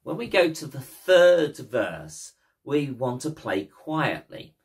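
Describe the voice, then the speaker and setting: Cheeky, slow-talking male ukulele teacher. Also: mid-range voice, big pitch swings. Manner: cheeky, playful, jokey. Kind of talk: casual instructional talk.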